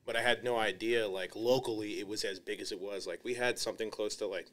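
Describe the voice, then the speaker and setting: A man's voice: fairly low pitch, fast. A man who is a podcast guest, chatting casually and filling his speech with "like" and "uh". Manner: relaxed, filler-heavy talk with lots of "like". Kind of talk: casual chat.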